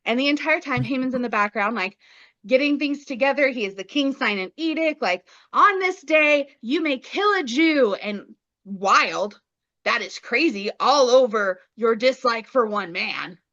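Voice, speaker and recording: A woman's voice: a little high, normal speed, fairly bright tone, dull audio. A woman co-hosting a podcast, casually retelling a story in playful slang and acting out the characters' lines. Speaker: podcast co-host.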